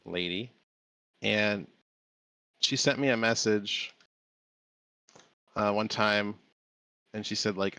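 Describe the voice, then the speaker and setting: A man with a lowish voice talks casually over a voice call. He rambles through his stories and restarts his sentences. The sound is dry and close, with no room echo. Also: slow pace, long pauses, sharp tone, clean tone. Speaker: watch-along participant. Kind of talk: casual chat. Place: home, over voice chat. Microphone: computer mic on a voice call.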